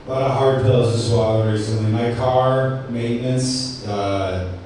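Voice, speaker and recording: A man's voice: medium pitch, steady tone, measured pace, darkish tone. A man doing a rambling, self-deprecating stand-up set at an open mic, with lots of ums and restarts. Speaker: stand-up comic. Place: cafe open mic, indoors. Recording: very echoey room, distant mic, faint noise.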